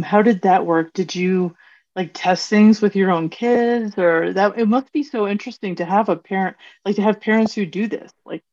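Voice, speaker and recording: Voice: medium pitch, darkish tone. A podcast host asking curious questions and reflecting earnestly in a conversational interview. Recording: dull lo-fi recording.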